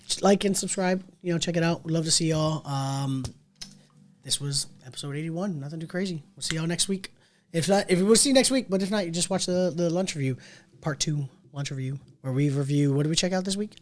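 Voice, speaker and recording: A man co-hosting a podcast in casual chat, a profane storyteller who acts out other people's lines. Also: a little fast. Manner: profane storyteller, jumps into high put-on voices for quotes. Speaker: podcast co-host.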